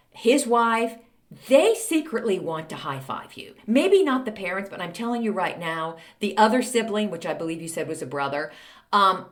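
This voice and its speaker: A woman's voice: medium pitch, a bit bright. A middle-aged woman, hosting a podcast and giving blunt, snarky advice in a casual monologue, often repeating lines for emphasis.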